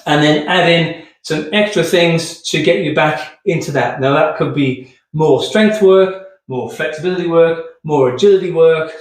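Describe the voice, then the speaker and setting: This physio instructor's voice is on the high side, moving at a moderate pace with hardly any pauses. Chatty and upbeat, he demonstrates rehab moves, often asking "okay" and running short of breath; the distant mic picks up echo from the hard-floored room.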